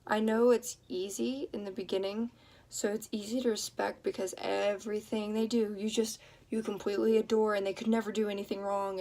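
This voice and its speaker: A young woman giving earnest relationship advice in a casual vlog, talking in quick bursts with many fillers and restarts. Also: medium pitch, darkish tone. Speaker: vlogger. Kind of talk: casual advice chat to camera.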